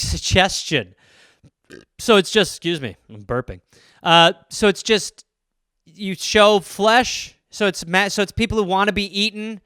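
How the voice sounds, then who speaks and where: A man hosting a solo comedy podcast, rambling and profane, acting out little scenes in quick voices. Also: high-pitched, sharp tone, clean tone, no echo, clean studio sound.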